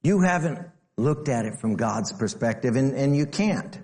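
Animated preacher in a reverberant hall. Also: male voice, normal speed. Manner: animated, rising to near-shouts and dropping to low asides; acts out the quoted speakers in heightened voices. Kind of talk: sermon.

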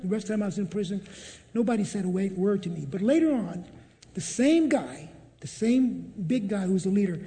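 A man's voice: high voice, warm tone, long reverb tail. A man telling a personal faith testimony in a storytelling manner, often repeating what he said. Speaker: testimony speaker.

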